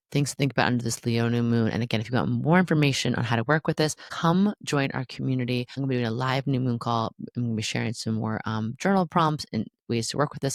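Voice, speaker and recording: A man's voice: medium pitch, vocal fry, dry recording, clean studio sound. A man hosting an astrology podcast, giving playful, casual spiritual guidance with lots of fillers and the odd swear word. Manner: chatty and playful, many likes and rights, occasional swearing.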